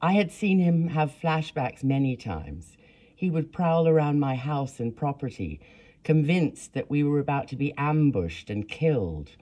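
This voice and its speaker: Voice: mid-range voice, big pitch swings, measured pace, dark tone. A narrator reading a first-person memoir in an earnest storytelling manner.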